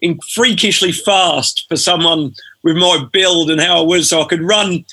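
A man, a former footballer telling stories as a podcast guest in a relaxed way. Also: a little high, moderate pace. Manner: relaxed storytelling, frequent fillers. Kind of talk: casual podcast interview.

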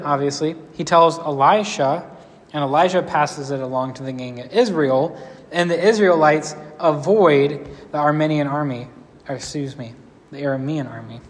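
A man preaching a casual storytelling sermon, conversational and relaxed, with playful asides. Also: a little high, in a large hall.

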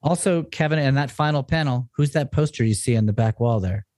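A man's voice: mid-range voice, a little fast, a little mellow, dry recording, studio quality. A man co-hosting a podcast, recapping comics casually with a wry, joking manner. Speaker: podcast co-host.

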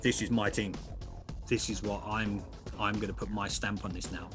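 A man's voice: fairly low pitch, fairly even intonation, moderate pace, music in the background. A man chatting enthusiastically as a guest on a podcast, often restarting his sentences. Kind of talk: casual podcast chat.

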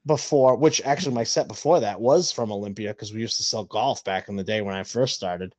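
A man hosting a podcast, telling an animated, casual story in which he acts out both sides of an argument. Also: lowish voice, brisk, no echo. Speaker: podcast host.

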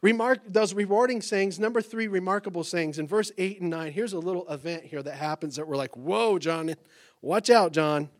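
Male pastor, high voice, animated sermon delivery, bursts of exclamation, acts out small exchanges. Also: a little fast, few pauses. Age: adult parent.

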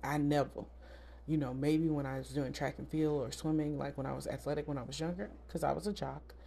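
A woman's voice: rumbling low, vocal fry, warm tone, slight background noise. A woman in her thirties from South Florida, hosting a casual solo podcast in a candid, chatty, emphatic way. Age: 30s. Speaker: podcast host.

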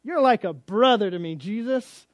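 A man's voice: sits high, expressive, normal speed, dry recording, muffled recording, voice pushed up. A man doing a sheepish, awkward disciple. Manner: awkward, comic paraphrase.

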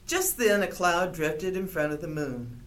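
Storybook reader, woman, gentle and expressive, low-set voice that rises and falls freely. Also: unhurried. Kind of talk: children's storybook read-aloud.

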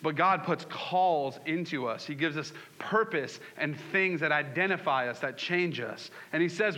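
High, bright-voiced male preacher. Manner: animated preaching, rhetorical questions to the congregation. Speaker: pastor. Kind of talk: sermon.

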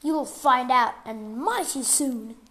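A woman voicing a burly, rough-spoken grey-haired man in a read-aloud story, demanding and hostile. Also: high-pitched, expressive, takes it slowly, fairly bright tone, exaggerated voice. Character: burly gruff man with iron-grey hair.

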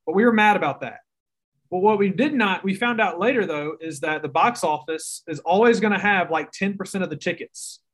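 A man's voice: high voice, brisk, fairly bright tone. A young man with a Southern US accent, a guest writer telling long stories in casual, self-mocking podcast chat. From Mississippi. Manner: drawling storyteller, self-mocking.

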